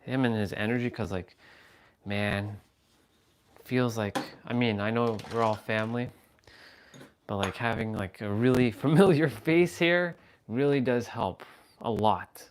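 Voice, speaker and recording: A man's voice: medium pitch, unhurried, long pauses, slight background noise. A man hosting a live stream, rambling casually and playfully as he chats with his viewers. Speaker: livestream host.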